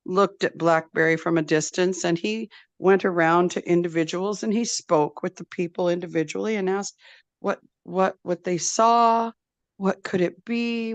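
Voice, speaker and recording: A woman storyteller telling a traditional tale in a slow, deliberate, repetitive way. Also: medium pitch, fairly even intonation, no room sound. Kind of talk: oral storytelling.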